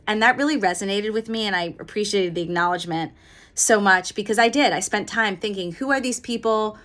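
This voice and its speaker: A woman's voice: mid-range voice, brisk, a bit bright. Chatty, enthusiastic woman coach. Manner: chatty and enthusiastic, with many fillers and restarts. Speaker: executive and leadership coach. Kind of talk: casual motivational talk.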